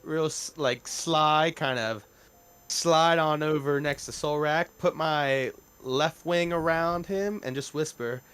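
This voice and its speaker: A man's voice: on the high side, slow, fairly bright tone, clear, resonant tone. A man playing a tabletop game, talking casually with stammers and restarts. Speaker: player. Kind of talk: casual tabletop role-play.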